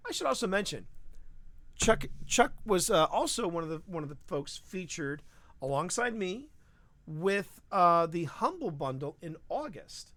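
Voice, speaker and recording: A man co-hosting a live podcast stream, talking in an animated, rambling way with frequent restarts. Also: on the high side, normal speed, dry recording. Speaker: podcast co-host. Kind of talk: casual live-stream chat.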